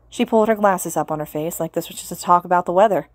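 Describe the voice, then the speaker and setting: A woman reading fan fiction aloud as an audiobook narrator, in an earnest, steady way. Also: on the low side, fast, few pauses, no room sound, clean studio sound. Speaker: podfic reader.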